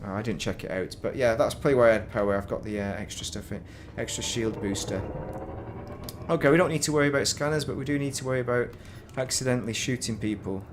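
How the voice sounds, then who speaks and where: Male streamer, rambling casual commentary, moderate pitch, noisy home recording. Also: fast. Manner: rambling, self-interrupting, chatty. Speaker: game streamer.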